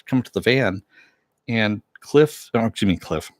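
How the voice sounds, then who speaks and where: A man talks through a TV episode in a loose, rambling way, full of fillers and backtracking. His voice sits a little low. The sound is dry and close. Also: lively intonation, moderate pace, no room sound. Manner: rambling, many fillers and self-corrections. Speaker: TV show reviewer. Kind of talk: casual episode recap.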